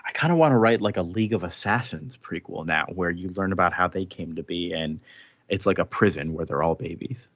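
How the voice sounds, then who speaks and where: A man hosting a casual comic book podcast, recapping plots in a relaxed way and tossing in offhand quoted lines. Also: low voice, fairly quick, no room sound, dull audio. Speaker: podcast host.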